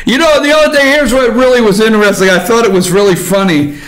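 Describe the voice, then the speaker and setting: High-voiced man ranting political commentary. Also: quick pace. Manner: ranting, combative, swings between shouting and muttering. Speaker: host.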